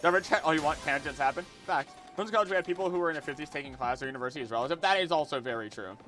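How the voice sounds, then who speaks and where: A man's voice: fairly high pitch, racing, a bit bright, faint music behind. A man in his twenties chatting casually to his viewers while playing a game, rambling and repeating himself as he reacts. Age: 20s. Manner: rambling, repeats words, talks to chat. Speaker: streamer. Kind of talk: casual gameplay livestream chat.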